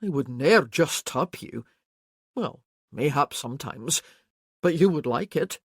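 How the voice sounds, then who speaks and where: A woman's voice: low-pitched, lively intonation, measured pace, slightly rough, dry recording, studio quality, exaggerated voice. A woman doing a stubborn warrior. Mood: coaxing. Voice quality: firm, loud and coaxing. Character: bold Highland warrior man, coaxing and stubborn. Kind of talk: audiobook character voicing.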